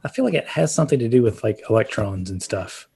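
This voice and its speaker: A man's voice: lowish voice, lively intonation, quick pace, creaky, a little mellow. Rambling man explaining roof care. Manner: rambling, explaining with fillers and restarts. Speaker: podcast co-host. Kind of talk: casual chat about roofing.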